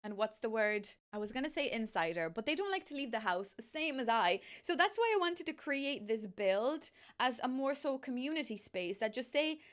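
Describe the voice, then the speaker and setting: Young woman, bubbly gushing chat, emotional, a little high-pitched. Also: big pitch swings, moderate pace, few pauses. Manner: bubbly, gushing, laughing, rambling. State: emotional, close to tears. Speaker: YouTuber, game builder. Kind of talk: excited casual vlog chat.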